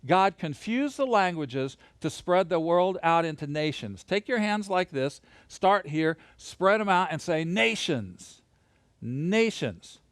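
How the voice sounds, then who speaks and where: A man teaching a Bible lesson to children and families, lively and encouraging, guiding them through hand motions as he talks alone into a camera. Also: sits high, unhurried, hardly any pauses, clear, resonant tone, dry recording. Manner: lively, gesture-led, encouraging.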